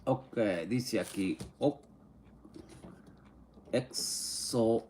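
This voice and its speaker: A man's voice: on the low side, a little mellow, slight background noise. Laid-back man on a livestream. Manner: easygoing, mixes English and Spanish slang, sounds out names slowly. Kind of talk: casual live-stream chat, reading viewer comments.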